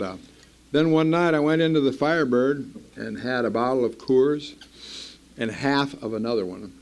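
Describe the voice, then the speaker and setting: An older man with a low, gravelly voice tells his story plainly to a meeting. He is blunt and dryly funny and pokes fun at himself. He grew up in Iowa. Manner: blunt, wry, self-mocking. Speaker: speaker at a recovery meeting. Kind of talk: personal storytelling talk.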